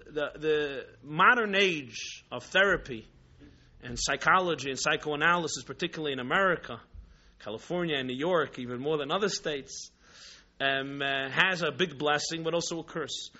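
A man teaching a religious class with lively, emphatic storytelling and rhetorical repetition. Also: fairly high pitch, moderate pace. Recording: dull lo-fi recording.

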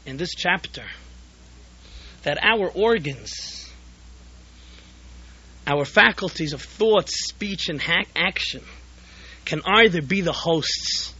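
A man, a rabbi, teaching a weekly class as an animated storyteller who often restarts phrases, on a dull lo-fi tape recording. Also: on the high side, breathy edge. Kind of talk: storytelling lecture.

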